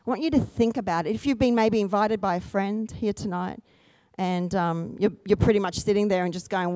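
A woman preaching a sermon, swinging from soft storytelling to loud, high-pitched exhortation. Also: a little fast, no room sound.

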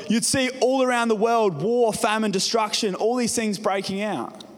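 High-voiced man preaching in a hall. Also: animated, fairly quick. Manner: casual storytelling, addresses the congregation directly. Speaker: pastor. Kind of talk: sermon with personal story. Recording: reverberant hall.

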